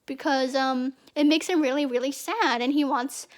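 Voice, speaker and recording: A woman's voice: high voice, steady tone, moderate pace. A young woman giving casual, rambling fan commentary as a channel host, chatty and prone to repeating herself.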